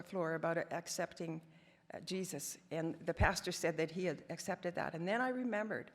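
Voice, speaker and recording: A woman in her seventies from Canada, giving a personal testimony as guest speaker, telling stories with wry, self-deprecating humor. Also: on the low side. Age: 70s. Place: large hall. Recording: long hall reverb.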